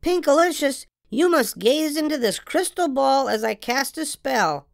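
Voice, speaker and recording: A woman's voice: high-pitched, expressive, a little slow, gravelly, dry recording, clean studio sound, voice pushed up, exaggerated voice. A woman voicing a boastful young boy who plays wizard and pirate, with a mock-grand, chanting delivery.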